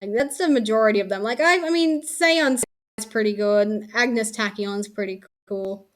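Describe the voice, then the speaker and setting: Here a young Australian streamer opens souvenirs and chats loosely, speaking a little high at an ordinary pace. She curses casually and drops sentences partway through.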